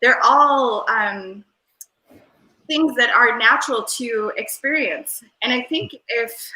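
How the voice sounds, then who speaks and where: Woman, airy valley-girl delivery, rambling with fillers, higher voice, video call. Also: slow, pushed and bright. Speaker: interview guest. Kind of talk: casual conversational interview. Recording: roomy echo.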